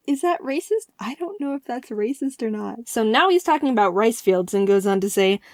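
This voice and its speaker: Excitable young-sounding woman telling a comic story. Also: a little high, no echo, studio quality. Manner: excitable and playful, jumping into quick impressions. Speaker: animation channel host. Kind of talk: comedic storytime narration.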